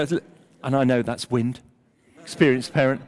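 An older man preaching a sermon, emphatic, at times dropping almost to a hush. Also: medium pitch, normal speed. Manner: animated, emphatic preaching with dramatic drops to near-whisper. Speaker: pastor. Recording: long hall reverb.

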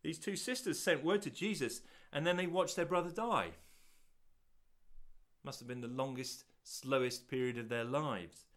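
In a mid-range voice, a man preaches to an audience watching on video. He asks rhetorical questions, swelling to loud peaks and then dropping to hushed, slow lines.

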